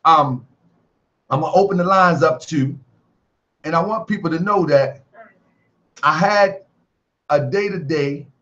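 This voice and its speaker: A man with a high voice talks loosely and playfully to his online audience, dropping slang and laughing as he goes. The stream audio sounds dull and lo-fi. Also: unhurried, long pauses, fairly bright tone. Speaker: host of an online talk show. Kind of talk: casual live-stream talk.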